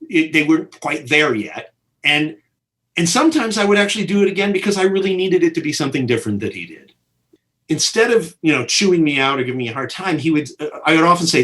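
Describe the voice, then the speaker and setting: A middle-aged man, a film director, telling behind-the-scenes stories in an interview and acting out the people he quotes. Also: fairly high pitch. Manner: animated storyteller who acts out quotes with big voices. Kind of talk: storytelling in an interview.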